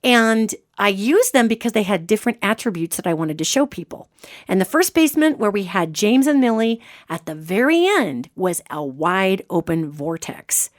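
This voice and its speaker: A woman's voice: mid-range voice, moderate pace, dry recording. Woman podcast host, dry studio sound. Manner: animated, explanatory, talks of spirits and energy matter-of-factly. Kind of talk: casual storytelling.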